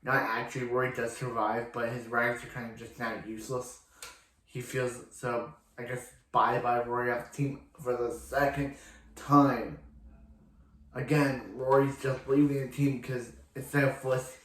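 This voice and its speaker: A man's voice: medium pitch, level tone, moderate pace, fairly bright tone. A man casually recapping a TV episode as a reviewer, rambling with lots of restarts and fillers. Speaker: TV show reviewer. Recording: echoey room.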